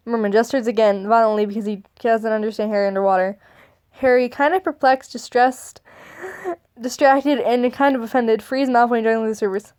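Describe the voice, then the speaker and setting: A woman with a high-pitched voice reads fan memes aloud, cutting in with sarcastic asides. She laughs often and swears freely. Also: steady tone, normal speed, a little mellow, clean tone.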